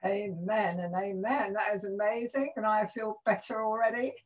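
A woman pastor hosting an interview, responding warmly and thanking her guest. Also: mid-range voice, steady tone, normal speed. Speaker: host, pastor.

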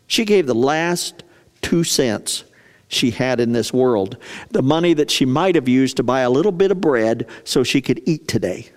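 A preacher voicing an animated, urgent Jesus as he points out a small gift to his disciples. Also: mid-range voice, moderate pace, natural voice. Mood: earnest. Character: excited earnest male teacher, Jesus. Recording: long reverb of a large hall.

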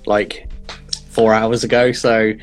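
A man's voice: on the low side, level tone, takes it slowly, faint music behind. A man co-hosting a casual podcast, with dry, laid-back banter. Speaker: podcast co-host. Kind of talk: casual chat.

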